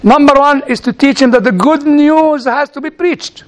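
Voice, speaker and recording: High-voiced preacher telling chuckling stories. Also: male voice. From outside the United States. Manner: halting, repeats words while searching, chuckling asides. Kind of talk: sermon told as personal stories.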